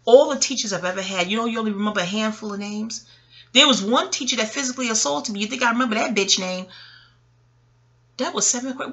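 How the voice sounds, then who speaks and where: A woman's voice: a little high, fast talker, sharp tone. A woman vlogger talking in a casual, rambling monologue. She is candid and profane, goes off on tangents and laughs often.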